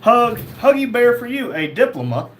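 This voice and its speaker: A man's voice: very high-pitched, big pitch swings, moderate pace, slight background noise. A man hosting a casual livestream, reading chat comments aloud and answering them in a blunt, crude, joking way. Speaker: livestream host.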